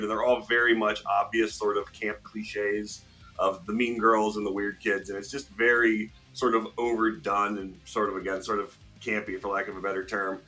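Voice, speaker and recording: A man on a podcast panel giving a measured, hedging opinion. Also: lowish voice, pushed and bright. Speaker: panel guest. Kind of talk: casual panel chat.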